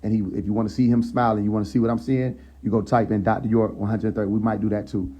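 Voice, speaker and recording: A man hosting a casual live stream who teaches from scripture and keeps checking in with his listeners, slowing down and lifting his voice when he reads verses aloud. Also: lowish voice, little pitch movement, mellow, rough recording. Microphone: phone.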